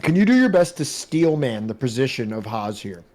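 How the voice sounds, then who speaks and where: A man's voice: mid-range voice, very animated, normal speed, a little mellow. A male livestream host with an everyday mid-range voice. He chats loosely, leaning on fillers and laughing often as he greets viewers. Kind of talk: casual livestream chat.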